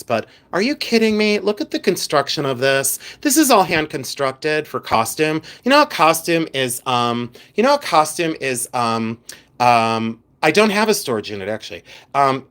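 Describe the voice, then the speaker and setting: A man's voice: mid-range voice, fairly bright tone. A chatty man hosting a live jewelry stream from his second house, reading viewer comments aloud and teasing people with lots of giggles.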